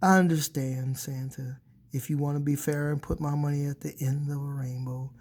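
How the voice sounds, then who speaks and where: A man voicing a cheerful male shoemaking elf in a children's story, slow and friendly. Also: a little high, fairly even intonation, darkish tone, voice pushed down, lightly acted. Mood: eager.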